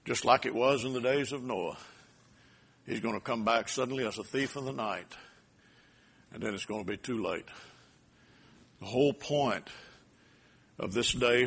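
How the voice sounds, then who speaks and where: A man preaching a sermon, building to loud emphatic peaks and dropping low again. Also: steady tone, moderate pace, gravelly, long pauses, breathy edge. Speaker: pastor.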